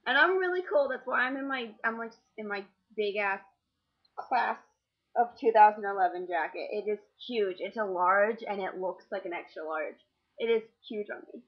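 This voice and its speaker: A teenage girl vlogging a casual movie review, rambling and excitable with lots of fillers. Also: on the high side, highs cut off. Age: teens.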